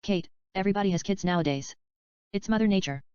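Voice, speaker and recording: A woman reading the part of a teasing, provocative actress in her own plain, even voice. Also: mid-range voice, quick pace, clean tone, no room sound, lightly acted. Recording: dull, slightly lo-fi dry recording.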